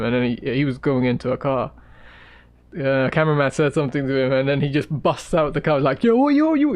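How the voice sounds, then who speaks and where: A man chatting casually and rambling while he sketches on a live stream. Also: mid-range voice. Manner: rambling, laid-back, trails off to mutter while sketching. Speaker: art streamer. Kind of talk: casual chat while drawing.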